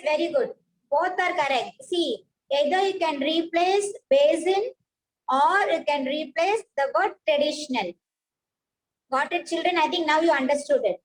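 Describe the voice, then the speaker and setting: A woman's voice: high-pitched, rough recording. A woman, teaching a science class, patiently repeating points and praising pupils by name.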